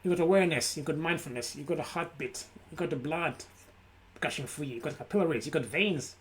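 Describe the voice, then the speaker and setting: A man's voice: on the high side, fast talker, a little hiss or hum. A man speaking live from his room, giving an emphatic motivational talk on mindfulness in repeated lists. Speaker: self-help speaker. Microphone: camera.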